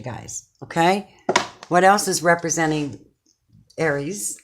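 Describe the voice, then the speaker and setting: Effusive low-voiced woman reading tarot. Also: expressive, unhurried, slight background noise. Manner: effusive, affectionate, chatty. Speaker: tarot card reader. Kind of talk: casual tarot reading to viewers. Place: home, seated in a chair.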